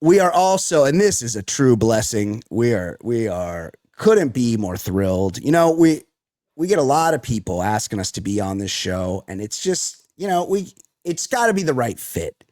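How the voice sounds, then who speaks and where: A man's voice: mid-range voice, very animated, normal speed, a little mellow, no echo, clean studio sound. Upbeat joking man hosting a podcast. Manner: upbeat, jokey and rambling. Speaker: podcast host. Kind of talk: casual comedy podcast chat.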